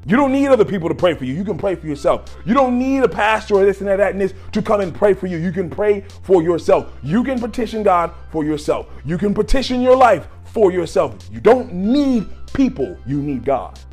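A man preaching a sermon on gratitude in an exhorting way, moving from low talk to loud shouts. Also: very animated, fairly quick, hardly any pauses, husky, soft background music.

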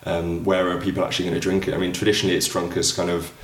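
A man in casual chat, relaxed and hedging, full of "like" and "kind of". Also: low-pitched, rapid-fire, echoey room.

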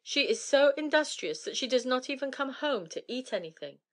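A woman's voice: high-pitched, expressive, normal speed, fairly bright tone, pitched above the performer's own voice. A woman reading a plain-spoken young bridegroom. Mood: matter-of-fact. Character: practical young bridegroom, pleased with himself. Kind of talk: storybook reading.

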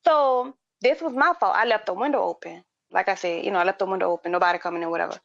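A woman's voice: medium pitch, quick pace, gravelly, a bit bright. A woman co-hosting a podcast, telling a story in loose, slangy casual chat and acting out the people in it. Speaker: podcast co-host. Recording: dry, slightly dull recording.

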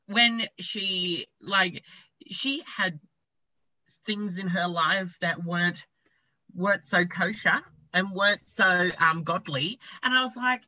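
A young man, a podcast guest, telling his story in a candid, animated way with casual swearing. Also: high voice, slow, no echo, poor audio.

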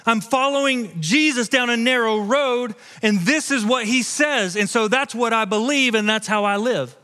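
Impassioned high-voiced preacher man. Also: moderate pace, smooth, big-room sound. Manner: impassioned preaching, swinging from loud to hushed. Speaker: pastor. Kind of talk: sermon. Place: church stage.

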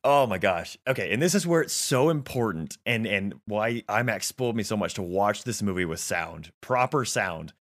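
A man's voice: lowish voice, animated, moderate pace, few pauses, a bit bright. A man chatting eagerly about films as a podcast co-host, rambling with lots of fillers. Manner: enthusiastic, rambling with many fillers. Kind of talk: casual film discussion.

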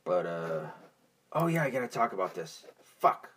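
A man's voice: deep voice, very animated, normal speed, noisy background. A young man hosting a podcast in a casual, profane, rambling monologue, stoned and easily distracted. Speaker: podcast host.

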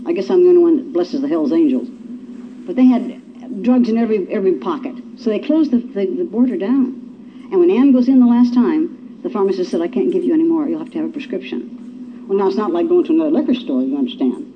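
An older woman speaking at a recovery meeting, telling her story in a folksy, emphatic way with exclamations. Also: medium pitch. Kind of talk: personal recovery talk to a meeting. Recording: dull lo-fi recording with faint hiss.

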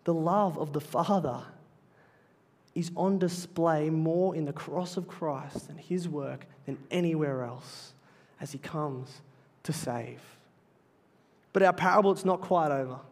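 A male pastor preaching a sermon in a church, earnest and emphatic, slowing down to stress key phrases. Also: on the high side, darkish tone. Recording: long reverb of a large hall.

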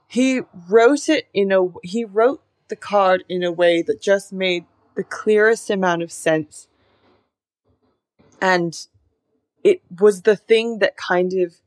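Lower-voiced, reflective young woman host. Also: no echo. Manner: reflective and earnest, heavy use of "like". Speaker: podcast co-host. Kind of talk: casual chat.

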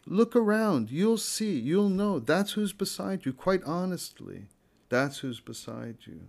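Halting, gravelly-voiced man musing earnestly. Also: high-pitched, sing-song. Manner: halting, repeats phrases, restarts often; earnest, unhurried, conversational. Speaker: speaker giving a reflection. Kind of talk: informal spoken reflection on scripture.

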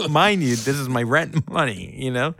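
A man's voice: mid-range voice, lively intonation, normal speed, vocal fry, fairly bright tone, dry recording. A man co-hosting a podcast, casually telling a long story and laughing often as he rambles. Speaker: podcast co-host.

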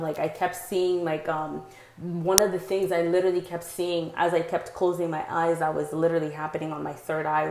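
Low-voiced woman rambling in an echoey room. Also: darkish tone. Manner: rambling, heavy use of "like" and "um", frequent "right?". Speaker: podcast host. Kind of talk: casual personal storytelling.

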